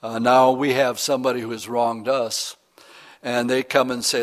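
A man's voice: medium pitch, little pitch movement, moderate pace. Folksy male preacher explaining scripture. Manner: folksy asides and dry humor. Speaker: pastor. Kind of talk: sermon, reading and explaining scripture.

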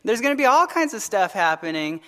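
A man preaching a sermon as pastor, telling stories in an animated way, often asking "right?" and repeating words as he starts phrases. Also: sits high, a little fast. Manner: animated storytelling with frequent "right?" tag questions.

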